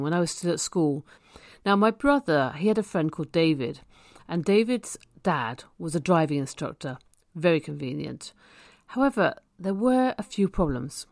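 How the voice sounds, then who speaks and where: A woman, a pharmacist, telling a personal story in a chatty way with many ums and soft laughs. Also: on the low side, no echo, clean studio sound.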